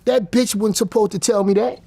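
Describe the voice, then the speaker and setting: A man's voice: sits high, fairly even intonation, fairly quick, gravelly, warm tone. A man, telling his story bluntly and profanely as an interview guest. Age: 50s. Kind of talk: casual storytelling.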